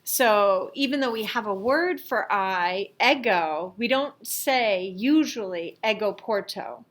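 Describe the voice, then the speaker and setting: A middle-aged woman teaching a lesson, explaining slowly and carefully with the odd filler as she reviews worksheets. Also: mid-range voice, expressive, fairly bright tone. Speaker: Latin teacher.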